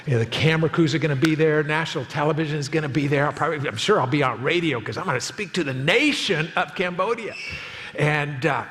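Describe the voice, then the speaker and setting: A man in his fifties preaching a sermon as pastor, telling a story with lively acted quotes. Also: fairly high pitch, fast talker, long reverb tail. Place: church auditorium.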